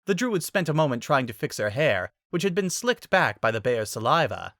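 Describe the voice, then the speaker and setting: A narrator giving a dramatic reading of a fantasy fan story, with expressive storytelling. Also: mid-range voice, moderate pace, no echo, studio quality.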